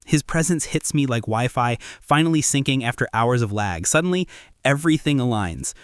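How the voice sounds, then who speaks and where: A man's voice: medium pitch, lively intonation, normal speed, dry recording, studio quality. A man narrating a first-person romance story in a casual, wry, conversational way.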